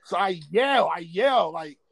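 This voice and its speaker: A man telling a funny story from his school days in a loose, animated way, repeating himself and laughing. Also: high-pitched, a little slow, vocal fry, no room sound. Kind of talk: casual storytelling.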